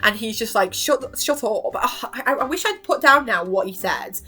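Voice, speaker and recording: A young woman rambles excitedly about a show she has watched. Her pitch swings widely as she mimics characters and breaks into frequent laughs. Her tone is bright and sharp, with faint music behind her. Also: moderate pace, slightly rough. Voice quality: strained voice after long talking. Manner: animated, laughs often, acts out quotes with exaggerated voices. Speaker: vlogger. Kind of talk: casual chat reviewing a TV show.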